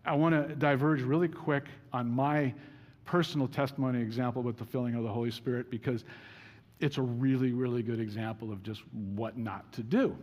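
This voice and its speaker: A man's voice: mid-range voice, steady tone, brisk, darkish tone. A man preaching a sermon as pastor, telling a personal story in a casual, self-deprecating way. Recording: reverberant hall.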